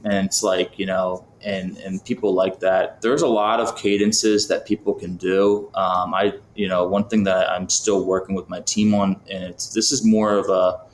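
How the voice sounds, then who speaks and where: A man's voice: low voice, level tone, moderate pace, hardly any pauses, slight background noise. A man from Florida, a podcast guest talking casually with lots of fillers and acting out sample phone calls. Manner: chatty, many fillers, acts out phone calls. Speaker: podcast guest, business founder. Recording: roomy, faint background ambience.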